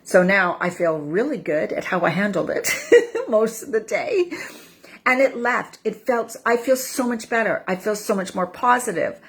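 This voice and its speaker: A woman's voice: medium pitch, lively intonation, normal speed. Candid woman coach talking through her feelings. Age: 50s. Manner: candid and conversational, repeats phrases, acts out her own inner voice. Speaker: life coach for women over 50. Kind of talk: personal reflective vlog.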